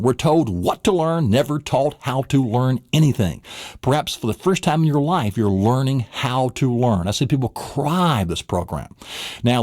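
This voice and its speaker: A man teaching a memory lesson, animated and vivid, asking rhetorical questions as he goes. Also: medium pitch, no echo, clean studio sound. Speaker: memory trainer. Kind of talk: recorded lesson.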